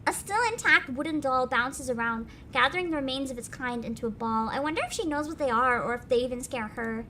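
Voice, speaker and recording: A young woman streaming a game, reading its text aloud and gushing excitedly between lines with frequent giggles. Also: sits high, brisk, noisy background. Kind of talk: game livestream, reading and reacting.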